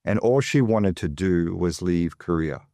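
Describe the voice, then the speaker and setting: This is an Australian man with a fairly low voice, talking casually as a guest on an interview show. He rambles a little and leans on fillers as he tells his story. The sound is dry and close, with no room echo. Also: expressive, measured pace, warm tone. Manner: chatty, digressive, many fillers. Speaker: guest, financial advisor.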